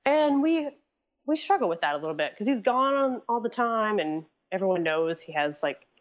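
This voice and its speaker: A woman's voice: medium pitch, lively intonation, normal speed, dull audio. A woman guest, a photographer's assistant, chatting casually with many "like" fillers. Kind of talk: casual interview chat.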